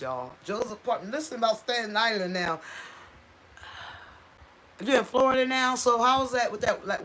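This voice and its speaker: A woman's voice: medium pitch, fairly bright tone, slight background noise. A woman hosting a casual livestream, chatting with viewers and reading out their comments, tripping over unfamiliar place names. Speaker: channel host.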